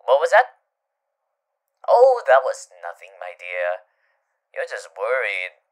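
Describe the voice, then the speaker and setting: A man voicing a teasing male vampire demon husband in a whispered role-play, flipping between soft whispers and loud playful exclaims. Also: medium pitch, wildly swooping pitch, takes it slowly. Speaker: voice actor.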